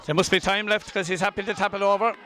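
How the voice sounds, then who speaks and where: An Irish man calls a hurling final live from an outdoor pitch, cheering his own club on as he goes. His voice is high and bright, often tipping into shouts. A faint crowd and outdoor noise sit behind him. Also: fast. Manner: excitable, shouting, openly partisan. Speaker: partisan club commentator. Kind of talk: live hurling match commentary. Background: crowd and outdoor ambience.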